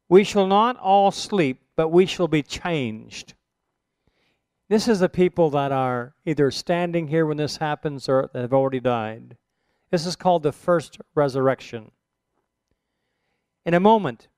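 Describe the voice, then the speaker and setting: A man's voice: a little high, smooth, dry recording, clean studio sound. A man teaching a sermon, reciting Bible verses emphatically with rising, stressed phrases. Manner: emphatic, rises for scripture quotes.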